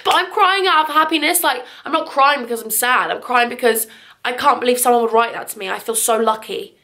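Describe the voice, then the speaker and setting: Gushing, teary young woman with a creaky voice. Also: on the high side, fairly quick, sharp tone. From England. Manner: gushing, tearful, effusive. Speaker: vlogger. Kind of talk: emotional vlog chat.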